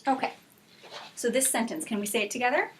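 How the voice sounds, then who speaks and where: An ESL teacher runs an English lesson for adult learners, speaking clearly and with encouragement while slowly modeling example sentences. Her voice is on the high side, with a slight hiss or hum in the recording.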